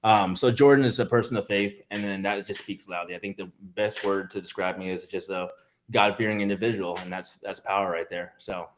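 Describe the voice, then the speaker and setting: A man with a lowish voice tells a family story with lively delivery. He jumps into higher, louder bursts at the punchlines, then drops to a quiet, earnest tone. A faint hiss sits under the recording. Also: fairly quick. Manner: animated storyteller, laughs through punchlines. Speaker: podcast co-host, one of the brothers. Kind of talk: casual storytelling among brothers.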